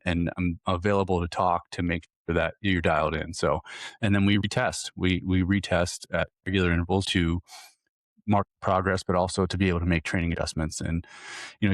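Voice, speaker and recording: A man's voice: low voice, no echo, clean studio sound. A man hosting a hunting fitness podcast, talking earnestly in a casual coaching way and often repeating words as he restarts. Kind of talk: casual solo podcast talk.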